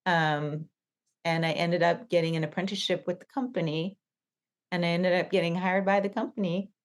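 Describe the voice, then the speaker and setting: Low-voiced woman telling a story. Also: moderate pace. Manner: animated storyteller, many fillers, acts out quoted voices. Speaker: podcast co-host. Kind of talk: casual chat, telling a personal story.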